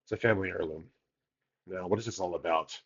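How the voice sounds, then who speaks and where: Gruff warrior man, short guarded answers, deep tone from a man narrator, dull recording. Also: fast talker, fairly bright tone, heavily acted. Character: gruff male warrior, protector of the innocent.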